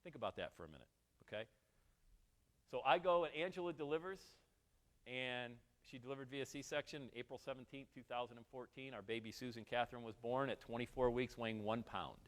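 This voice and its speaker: A man's voice: mid-range voice, a little fast, big-room sound. A man in his forties from Western New York, a motivational speaker telling a personal story with jokes and asides to the audience. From Western New York, USA. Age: 40s. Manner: animated, joking asides to the audience. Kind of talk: storytelling keynote talk. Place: event hall.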